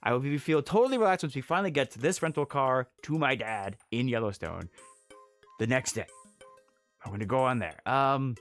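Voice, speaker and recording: Lively man telling a story on stream. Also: medium pitch, a little fast, faint music behind. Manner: animated, laughs often, breaks off to answer chat. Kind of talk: casual livestream storytelling.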